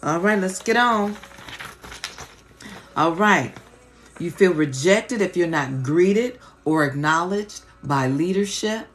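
A woman's voice: fairly low pitch, animated, slow pace, pauses often, soft background music. A woman preacher giving an impassioned, colloquial teaching sermon on a live stream, repeating rhetorical questions.

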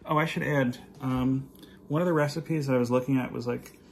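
A man's voice: mid-range voice, steady tone, a little fast, creaky, a little hiss or hum. A man hosting a casual home cooking vlog from his kitchen, filming by hand and joking at his own expense as he goes. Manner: jokey, self-deprecating, chatty with asides. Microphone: handheld phone camera.

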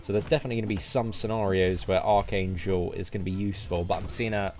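A British man hosting his game livestream, chatting casually in a relaxed, slangy way. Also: low voice, fast talker, faint music behind. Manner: relaxed, matey slang, rambling game talk. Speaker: gaming channel host.

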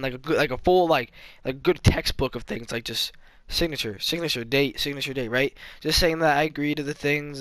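A young man rambling through a story while commentating his gameplay, animated and full of trash talk. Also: a little high, smooth. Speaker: gaming YouTuber.

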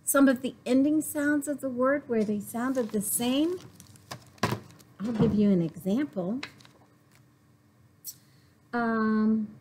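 A woman librarian reading a picture book aloud to young children, slow and clear. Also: a little high, dark tone, a little hiss or hum. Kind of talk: storytime read-aloud.

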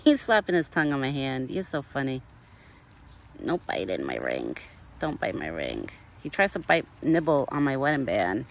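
A young woman vlogs on her phone camera in a rural yard, chatting casually, rambling and cooing baby talk to a deer. Her voice is rumbling low with huge pitch swings at a moderate pace. The recording is rough, with slight background noise.

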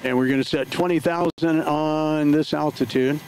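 A man's voice: a little high, steady tone, normal speed, darkish tone, slight background noise, rough recording. A man livestreaming from his home flight sim setup, talking casually through each step with lots of filler words. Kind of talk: casual live play-by-play narration.

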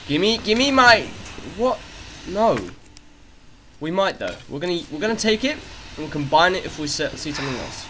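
High-pitched, yelling game commentator man. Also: normal speed, a little hiss or hum. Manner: excitable, yelling at the enemy, trash-talking. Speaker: gaming YouTuber. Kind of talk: loud let's-play commentary. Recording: game music loud behind the voice.

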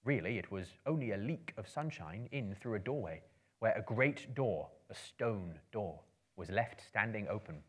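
A man performs a storybook reading to a live audience, his voice lower-pitched and sweeping widely up and down. He builds the tension theatrically, rising to loud bursts and dropping to near-hushes. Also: lively intonation, moderate pace, slightly rough. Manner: theatrical, swelling and hushing for suspense.

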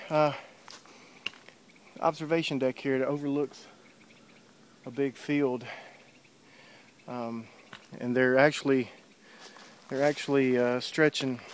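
A man talks to a handheld camera as he walks a wooded river trail outdoors. His speech is loose and meandering, full of uhs and ums, and he is a little out of breath. Faint noise and mic handling can be heard under his voice. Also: medium pitch. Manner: rambling, many fillers like uh and um. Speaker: hiker filming his trip. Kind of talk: casual walking vlog. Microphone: handheld camera while walking.

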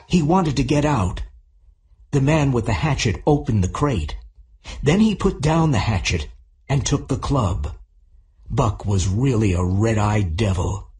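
Slow, deliberate male audiobook narrator. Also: mid-range voice, background noise. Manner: slow, clear, deliberate reading. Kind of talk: scripted audiobook narration for English learners.

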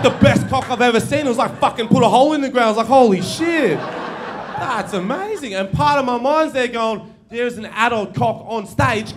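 A man's voice: high-pitched, a little hiss or hum. A young man doing a stand-up comedy set, brash and swearing, laughing at his own jokes. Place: live comedy venue with audience.

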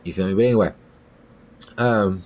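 A man's voice: sits low, moderate pace, a little mellow. A young man hosting a podcast in a rambling, profane casual monologue, often asking "you feel me". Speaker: podcast host.

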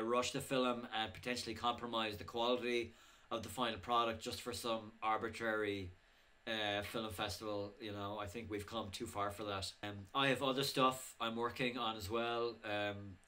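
A man's voice: medium pitch, bright, forceful tone. A man talking casually on his filmmaking vlog, telling rambling anecdotes full of chuckles and fillers. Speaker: indie filmmaker.

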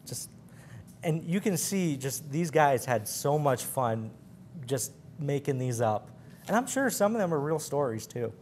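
A man's voice: fairly high pitch, big pitch swings, measured pace, darkish tone, slight background noise. A man presenting a library program, reading sailor yarns aloud with slips and chuckles. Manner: stumbling, laughing at his slips.

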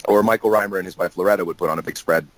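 A man with a very low voice chatting as a guest in an interview. He tells loose, joking anecdotes and keeps laughing. The sound is dry and close, with no room echo. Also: steady tone, racing. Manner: jokey, laughing, many restarts. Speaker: guest actor. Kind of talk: casual interview storytelling.

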